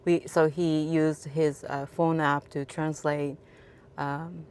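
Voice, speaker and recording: Woman from Japan, native Japanese speaker, low voice, slow, halting speech with fillers. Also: little pitch movement, darkish tone, smooth. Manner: halting, many restarts and fillers. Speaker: cab driver. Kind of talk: casual storytelling to camera.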